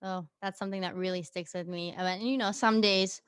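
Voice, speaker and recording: A woman's voice: medium pitch, fairly even intonation, a little fast, clean tone, no room sound, clean studio sound. A young woman in her twenties talking casually as a podcast guest, with lots of fillers. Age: 20s. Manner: chatty, many likes and ums. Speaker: guest student.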